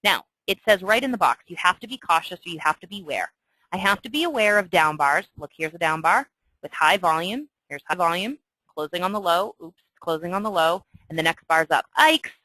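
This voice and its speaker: Woman, trading instructor, lowish pitch, dry close sound, emphatic. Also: expressive, fairly quick, bright, forceful tone, no room sound, poor audio. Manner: chatty, emphatic, often asks "okay?". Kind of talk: screen-share trading tutorial.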